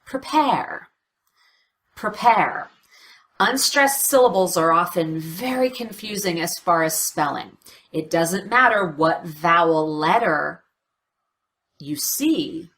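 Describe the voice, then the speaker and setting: A woman teaching pronunciation, explaining clearly and demonstrating words aloud. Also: fairly low pitch, expressive, slow pace, a bit bright, slight background noise. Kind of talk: instructional explanation.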